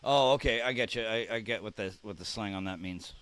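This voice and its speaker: A man with a low-pitched voice hosts a relaxed live stream, chatting easily with his viewers. He reads their messages and answers them aloud, and repeats unfamiliar slang a few times as he tries it out. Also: a little fast, clean tone, no echo. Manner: chatty, reacts aloud to chat messages, repeats words while trying them out. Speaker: streamer reading live chat. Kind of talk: casual live-stream chat.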